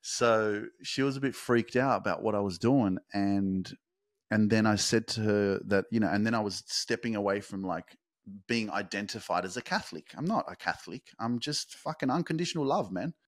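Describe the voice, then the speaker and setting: A young man hosting a motivational podcast, talking straight to his listeners and swearing freely. He builds from plain talk to loud, fast, emphatic peaks. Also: mid-range voice, no room sound, clean studio sound. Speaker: podcast host.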